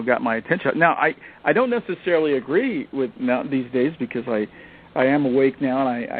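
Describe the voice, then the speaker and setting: A middle-aged man hosting a radio talk show, chatty and quick to agree with his guest. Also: medium pitch. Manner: affirming, chatty, short agreements. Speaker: radio host. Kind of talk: phone-in radio interview. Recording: phone-quality line with faint hiss.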